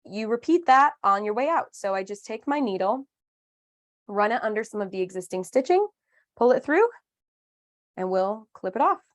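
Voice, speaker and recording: A woman's voice: medium pitch, expressive, moderate pace, long pauses. A woman in her thirties leads a live online craft lesson, chatty and upbeat. She explains each step with playful asides and a friendly, conversational pace. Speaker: craft class instructor.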